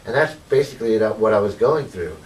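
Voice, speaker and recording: A formerly homeless man with a fairly low, darkish voice tells his life story in an interview, animated and fast, rambling with frequent "you know" and acted-out old conversations. He sits away from the microphone, and a faint hiss runs beneath the low-quality recording.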